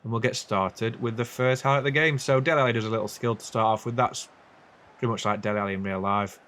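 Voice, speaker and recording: A young man casually commentating a football video game, chatty and sweary, with quick asides and self-corrections. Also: lowish voice, fairly even intonation, a bit bright. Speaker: gaming YouTuber.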